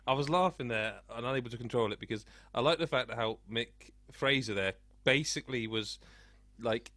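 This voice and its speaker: A man's voice: medium pitch, brisk, pushed and bright, dry recording. A man hosting a podcast over a video call, teasing his guests and steering the chat with questions. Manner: teasing, jokey, asks questions. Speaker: podcast host. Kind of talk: casual chat.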